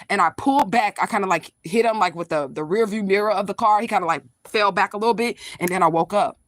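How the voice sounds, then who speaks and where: A fast-talking spiritual vlogger recounting a story straight to a live audience, blunt and emphatic, with plenty of swearing. The voice is close and dry, with no room sound around it. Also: mid-range voice, a bit bright, no room sound. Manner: blunt, profane, emphatic retelling; talks straight to viewers, reacts to live comments. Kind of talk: casual livestream storytelling.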